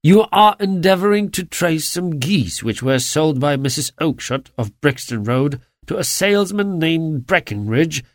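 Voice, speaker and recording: A man voicing a shrewd, composed gentleman detective who speaks in a bland, measured way. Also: on the high side, dry recording, clean studio sound.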